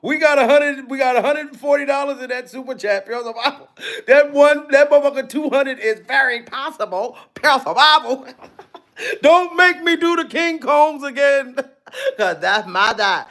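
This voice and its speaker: A man hosting a live-stream commentary show, loud and profane, laughing and mocking as he reacts to clips and reads out viewer donations. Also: extremely high pitch, a little slow. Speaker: livestream commentary host.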